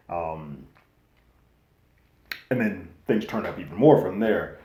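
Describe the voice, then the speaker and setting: A man hosting a casual, slangy TV recap and review, animated and loosely acting out what characters say. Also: sits low, slow pace, long pauses. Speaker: TV recap host. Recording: echoey room.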